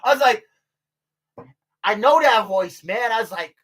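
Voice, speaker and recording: A man's voice: sits high, expressive, unhurried, fairly bright tone, breathy edge. Profane rambling older man. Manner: profane, rambling, many fillers and restarts; laughs between remarks. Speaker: vlogger. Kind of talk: casual rambling monologue.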